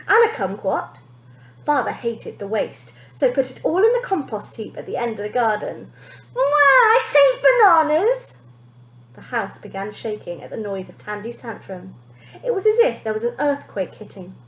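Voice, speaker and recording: A woman teacher reads a children's story aloud, pausing to point out the pictures. Her pitch sits high and moves with lively swings. The room around her is echoey.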